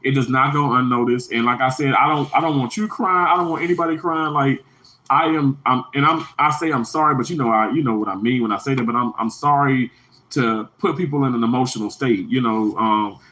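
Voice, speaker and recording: A little fast and sharp in tone, a man addresses his livestream viewers with heartfelt, wandering talk over rough audio. He circles back to the same points, and his pitch shoots up when he emphasizes something.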